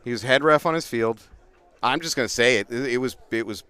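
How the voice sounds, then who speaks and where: A middle-aged man, casually telling animated paintball stories as a livestream commentator outdoors. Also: mid-range voice, fairly quick. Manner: animated, laughing storyteller.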